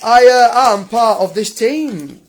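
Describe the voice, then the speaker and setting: A man's voice: very high voice, slow pace. A young man livestreaming an angry rant, taunting and mocking a critic with frequent laughs.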